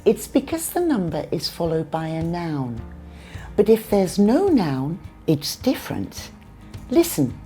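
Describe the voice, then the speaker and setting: A woman with a British accent teaching English pronunciation in a scripted lesson, saying numbers clearly and deliberately. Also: lowish voice, wildly swooping pitch, warm tone, soft background music. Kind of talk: scripted lesson with acted skits.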